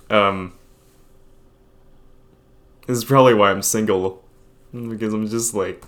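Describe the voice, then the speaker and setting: Young male vlogger, low voice, halting and self-deprecating, casual confessional delivery. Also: fairly bright tone. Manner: hesitant, rambling, self-deprecating.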